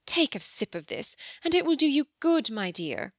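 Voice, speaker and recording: A woman voicing an older, fussy and doting mother in an audiobook, with a high, gushing manner. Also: sing-song, moderate pace, no room sound, studio quality. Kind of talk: audiobook character voice.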